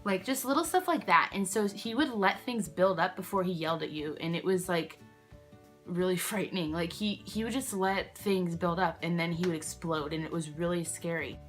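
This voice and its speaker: At a moderate pace and a lowish pitch, a young woman vlogs a casual storytime from home, candles nearby and gentle music underneath. She chats and rambles, breaking off her own sentences, drifting off topic, and filling gaps with "like," all on her own camera.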